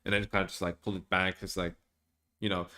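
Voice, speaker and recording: A man's voice: deep voice, flat delivery, brisk, pushed and bright. Rambling man streaming commentary. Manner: rambling, with many fillers and restarts. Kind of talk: casual rambling stream talk.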